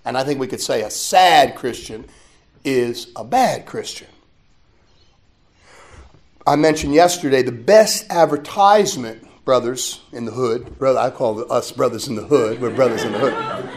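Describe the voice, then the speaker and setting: A man, a friar, preaching a sermon to a religious conference in an animated, conversational way, with asides to his listeners. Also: mid-range voice, unhurried. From United States.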